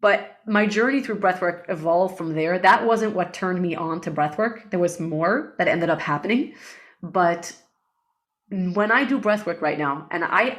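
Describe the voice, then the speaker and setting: A middle-aged woman, a breathwork facilitator, telling personal stories in an emotional, animated way with many fillers. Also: lowish voice. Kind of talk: casual interview storytelling.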